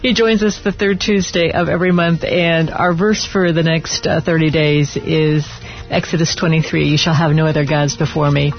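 A man hosting a Christian radio talk show, speaking in a rambling way with halting phrasing. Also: a little high, steady tone, lo-fi sound.

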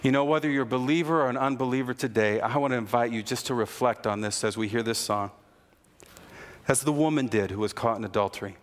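A man preaching an earnest sermon as pastor, rising at times to excited emphasis. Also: medium pitch, fast. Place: church sanctuary. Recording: long reverb of a large hall.

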